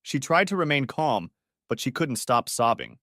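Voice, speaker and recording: A man's voice: mid-range voice, moderate pace, dry recording, clean studio sound. A man narrating a dramatic story as an audiobook reader. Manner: expressive storytelling.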